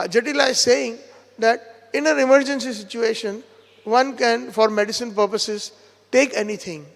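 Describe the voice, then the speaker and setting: A man with a high, gravelly voice is giving a devotional lecture in a temple hall. He retells a scripture story at length and quotes each character himself. The room has a long, echoing reverb. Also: fairly bright tone. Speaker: spiritual teacher giving a seminar.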